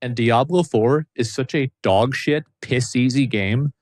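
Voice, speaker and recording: A man's voice: mid-range voice, unhurried, a little mellow, dry recording, studio quality. A man talking casually and emphatically, swearing for stress. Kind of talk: casual chat.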